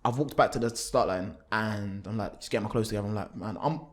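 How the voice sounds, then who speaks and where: A man's voice: on the low side, quick pace. A young man, a guest athlete telling stories in a casual podcast chat and acting out the quotes. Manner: animated, acts out quotes with slang.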